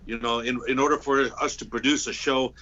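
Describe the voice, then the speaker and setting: A man with a bright, forward tone speaks haltingly on a casual podcast panel, often restarting his phrases. His voice comes through muffled, lo-fi call audio. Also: mid-range voice, steady tone. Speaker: podcast guest.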